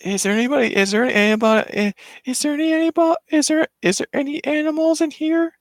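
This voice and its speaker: A man voicing an excited little girl calling out to ask for a pet, in a high squeaky voice that keeps repeating itself. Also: fast talker, no echo, studio quality. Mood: eager.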